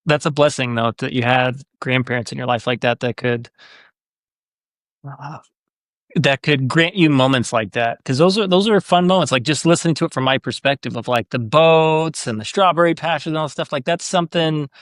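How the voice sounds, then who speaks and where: A man's voice: medium pitch, normal speed, dry recording, studio quality. A man hosting a podcast, chatting casually and retelling his own anecdotes with a lot of "like" and acted quotes. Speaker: podcast host. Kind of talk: casual conversational interview.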